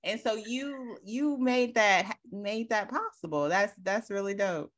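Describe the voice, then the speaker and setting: A woman's voice: mid-range voice, a little slow. A woman co-hosting a podcast who answers with short, encouraging remarks and acts out reactions with a lot of expression. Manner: affirming, short responses, lively and expressive. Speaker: podcast co-host. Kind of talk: casual podcast conversation.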